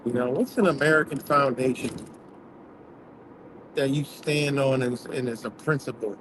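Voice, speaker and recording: A man's voice: medium pitch, normal speed, background noise. A man hosting a livestream, talking bluntly in a rambling, profane, casual rant, apparently from inside a vehicle. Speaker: livestream host.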